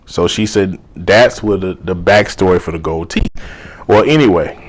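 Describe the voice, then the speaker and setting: A man with a very low, deep voice tells a personal story in a casual, chatty way. He fills it with quoted dialogue and loose asides. The tone is conversational and unscripted. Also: normal speed. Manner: animated retelling full of quoted dialogue and "you know". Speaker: life coach.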